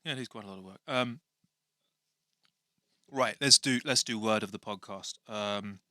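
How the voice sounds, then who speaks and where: A man's voice: fairly low pitch, normal speed, sharp tone, no room sound, studio quality. A man hosting his podcast in casual, rambling chat with many restarts. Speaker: podcast host.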